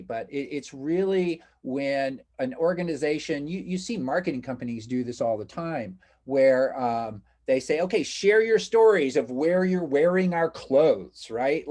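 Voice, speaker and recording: A male instructor leads his class over a video call, his voice sitting at an ordinary middle pitch. He talks in a loose, chatty way, reassuring his students and inviting their questions. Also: darkish tone. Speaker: college instructor. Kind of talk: casual online class lecture.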